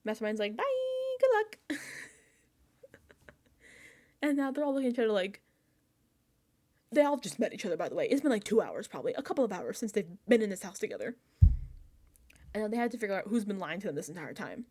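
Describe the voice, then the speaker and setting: A woman's voice: mid-range voice, fast, long pauses, breathy edge. A young adult woman talking through a reality show episode in a casual reaction recap, acting out reactions with lots of laughs. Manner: animated storytelling, acts out reactions; chatty and excitable, laughs often.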